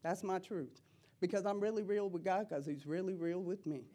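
A middle-aged woman giving an impassioned preaching testimony in church, repeating phrases and rising to loud cries. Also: lowish voice, fairly even intonation, normal speed.

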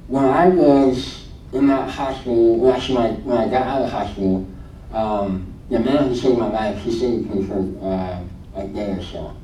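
In an echoey room with a distant mic and a faint low rumble, a man in his late twenties shares a personal faith testimony. His warm voice moves at normal speed as he casually retells conversations, chatty and full of "I'm like."

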